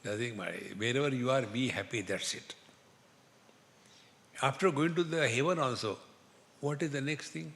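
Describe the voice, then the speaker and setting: A man speaking English with an Indian accent, giving a spiritual discourse as a teacher, telling humorous stories slowly and chanting Sanskrit verses. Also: medium pitch, fairly bright tone. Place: lecture hall with an audience. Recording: long hall reverb, faint noise.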